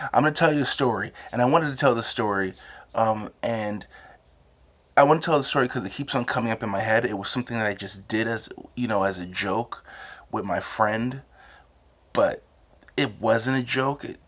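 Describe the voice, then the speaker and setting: A young man with a New Jersey accent talks in a loose, meandering monologue, cursing freely and circling back on himself. His voice sits somewhat low. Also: a bit bright. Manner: rambling, restarts, profane. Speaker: host. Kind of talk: casual monologue with frequent swearing.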